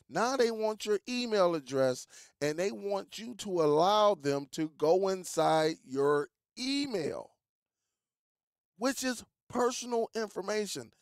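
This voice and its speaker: A man's voice: sits high, clear, resonant tone, dry recording, clean studio sound. A man hosting a tech vlog, talking casually and with feeling, repeating words for emphasis and calling his viewers y'all. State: coughing, throat catching. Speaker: tech YouTuber.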